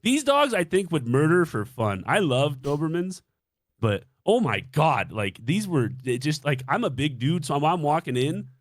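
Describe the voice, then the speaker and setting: A man's voice: on the high side, very animated, normal speed, no echo. A young man casually telling a dating story on a stream, swearing freely and acting out his own reactions.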